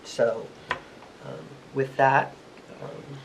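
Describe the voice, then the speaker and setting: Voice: medium pitch, fairly even intonation, extremely slow, noisy background. A planning board member speaking hesitantly with many fillers at a public hearing. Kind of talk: board meeting remarks.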